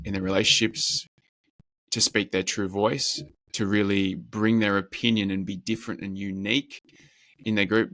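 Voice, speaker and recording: A man who works as a men's coach, talking earnestly and in measured lists as a podcast guest. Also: fairly low pitch, a bit bright, dry recording. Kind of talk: reflective interview talk.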